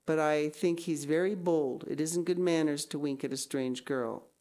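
A woman's voice: deep voice, steady tone, normal speed, warm tone, natural voice. A woman reading aloud, voicing a spirited red-haired schoolgirl with a fiery temper and indignant outbursts. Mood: confiding.

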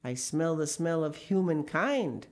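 A woman's voice: sits low, animated, a little slow, darkish tone. A woman voicing a big male ogre-demon in a storybook, formal and courteous in speech. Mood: gruffly polite.

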